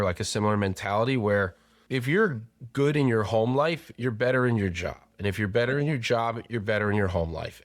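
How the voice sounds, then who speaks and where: A male podcast host with an everyday middle-pitched voice, speaking openly and loosely. He swears now and then and leans on "like" and "you know" as he thinks aloud. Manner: candid, casual, swears freely. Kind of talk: casual podcast conversation.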